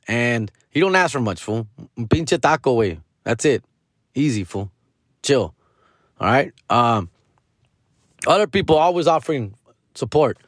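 A man's voice: medium pitch, no echo. Man, forties, podcast host, rambling casual monologue, slangy and profane, dry close sound. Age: 40s. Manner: rambling, slangy, profane, peppers speech with "fool" and "dog".

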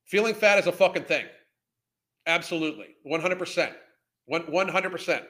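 Male podcast host, high bright voice, profane incredulous rant. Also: normal speed. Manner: profane, exasperated, incredulous ranting. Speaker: podcast host reacting to clips. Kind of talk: ranting commentary.

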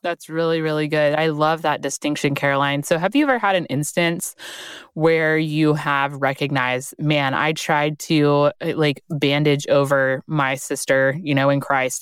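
A woman's voice: sits low, clear, resonant tone, dry recording, clean studio sound. A woman hosting a podcast, asking guests thoughtful questions in a casual, affirming chat. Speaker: podcast host.

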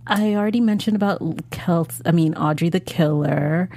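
A woman's voice: fairly low pitch, moderate pace, mellow. A woman co-hosting a podcast, chatting enthusiastically in a casual TV recap. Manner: chatty, enthusiastic, trails off and restarts. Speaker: podcast co-host.

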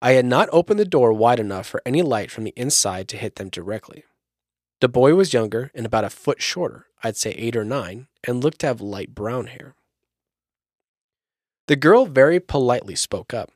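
A man's voice: medium pitch, expressive, moderate pace, no room sound, studio quality. A man hosting a podcast, reading a creepy story aloud in a storytelling narration with jokey asides. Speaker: podcast host.

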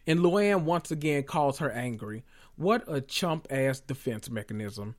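A man hosting a podcast, recapping reality TV in a loud, profane, animated way with sudden high squeals. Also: normal speed. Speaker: podcast host.

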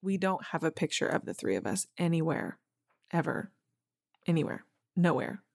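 A woman's voice: sits low, big pitch swings, moderate pace, creaky, no echo, studio quality. Earnest woman telling a personal story. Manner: emotional, earnest, addresses listeners as y'all. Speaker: podcast host.

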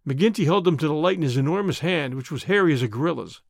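A man narrating a classic story in a measured, expressive storytelling voice. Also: a little high, vocal fry, dry recording, studio quality. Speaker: audiobook narrator.

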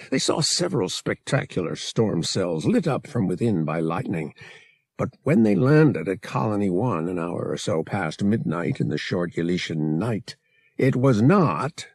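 A man narrates a novel in a measured storytelling voice, pitched fairly low with a gravelly, slightly husky grain. His delivery rises and falls with lively expression. The recording is dry and close. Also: dry recording. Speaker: audiobook reader. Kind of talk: scripted narration.

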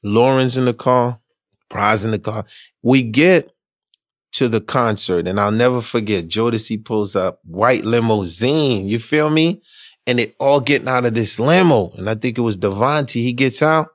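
A man telling a funny story casually, animated and slangy, acting out the other people's voices. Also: medium pitch, normal speed, no room sound, clean studio sound. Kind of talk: casual anecdote.

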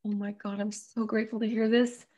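A woman's voice: fairly high pitch, flat delivery, brisk, warm tone. A woman hosting a talk show, responding effusively and musing reflectively. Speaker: host.

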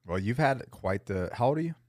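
A man's voice: medium pitch, lively intonation, fairly quick, a little mellow, no echo, studio quality. A man hosting a podcast, talking in a loose, casual way with swearing and "bro.". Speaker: podcast host. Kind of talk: casual interview chat.

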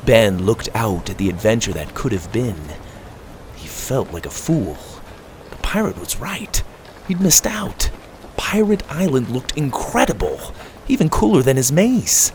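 Animated male storybook narrator. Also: mid-range voice, a little slow, a little hiss or hum. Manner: expressive read-aloud.

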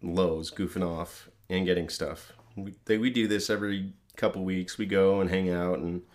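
A man's voice: low voice, steady tone, normal speed. A middle-aged man co-hosting a podcast, chatting casually and laughing through his stories. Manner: laid-back, laughs while telling stories. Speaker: podcast co-host. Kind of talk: casual chat.

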